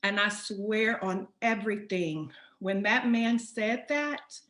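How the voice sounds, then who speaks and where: Woman host, emphatic storyteller, mid-pitched, echoey room. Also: slow, hardly any pauses. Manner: animated, emphatic retelling. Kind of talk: personal storytelling. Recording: roomy echo.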